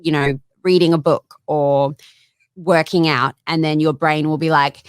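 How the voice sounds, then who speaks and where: Young woman, low voice, chatty and giggly, studio guest, dry sound. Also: fairly even intonation, a little slow, smooth, no echo. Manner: chatty, giggly, lots of fillers. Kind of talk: casual interview talk.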